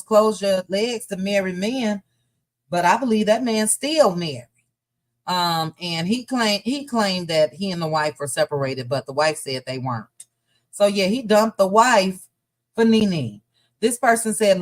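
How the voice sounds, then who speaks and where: Slow-talking woman hosting gossip chat. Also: mid-range voice. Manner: chatty, reads viewer comments aloud. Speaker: gossip show host. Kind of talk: casual livestream chat.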